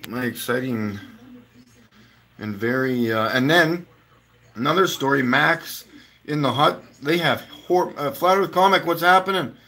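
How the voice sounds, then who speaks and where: Male stream host, relaxed home chat, bright tone, loose storyteller who swears. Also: mid-range voice, unhurried, pauses often. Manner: chatty, swears freely, laughs while telling stories. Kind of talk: casual rambling storytelling.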